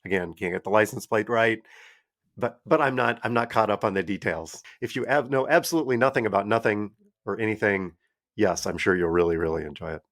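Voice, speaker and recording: A man co-hosting a podcast, ranting in an exasperated, animated way during casual chat. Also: fairly low pitch, a little fast. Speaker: podcast co-host.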